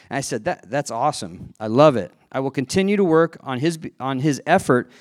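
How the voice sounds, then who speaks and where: A man talks to a live audience in a chatty way, telling a self-deprecating personal story, laughing at himself and restarting sentences. He speaks at normal speed with a medium pitch, in clean studio sound without room sound.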